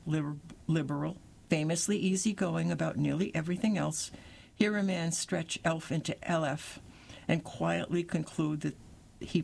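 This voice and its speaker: A reader reading magazine-style articles aloud in a measured, even way. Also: mid-range voice, gravelly, a little hiss or hum.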